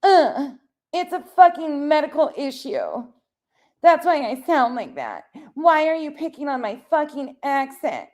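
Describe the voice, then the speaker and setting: A woman's voice: sits high, sing-song, a little slow, a little mellow, pitched above the performer's own voice. A woman putting on the voice of a whiny grown woman who claims victimhood, in a mocking, self-pitying way.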